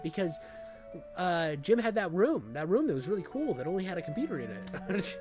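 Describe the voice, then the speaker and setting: Guy reacting to a video, kinda high voice, rambly and disbelieving, faint music behind. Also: animated, moderate pace. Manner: incredulous, swearing, rambling with fillers. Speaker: reaction streamer. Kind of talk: casual reaction commentary.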